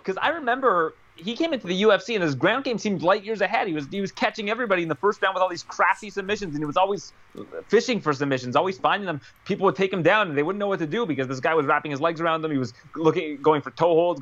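A man talking as a guest on a casual chat podcast, telling stories quickly and with animation. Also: high voice, fairly bright tone, highs cut off. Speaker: guest analyst.

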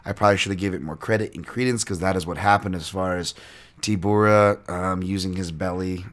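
Speaking fairly quickly in a low voice with fairly even intonation, this fight analyst hosts a podcast and runs through fight results in a relaxed way. He rambles, curses, and leans heavily on filler words.

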